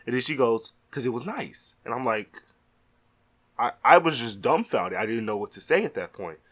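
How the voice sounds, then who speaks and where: A man's voice: mid-range voice, normal speed. Exasperated young man telling a story. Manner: animated, exasperated. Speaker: vlogger. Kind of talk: storytime vlog.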